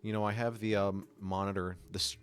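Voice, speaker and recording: Flat and fairly quick, this man's fairly low voice carries a slight lisp from a sore tongue. He's making music on a live stream, chatting casually, thinking aloud and rambling until his sentences trail away.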